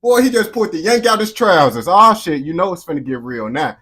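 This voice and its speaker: An American man hosting a reaction video, talking in a slangy, profane, animated way. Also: high-pitched, brisk, breathy edge. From United States. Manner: slangy, animated, swears constantly. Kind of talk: profane casual reaction commentary.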